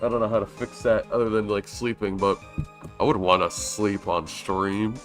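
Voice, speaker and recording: A man's voice: on the low side, steady tone, moderate pace, a bit bright, faint music behind. A young man streaming a game, chatting casually, drowsy and yawning between comments.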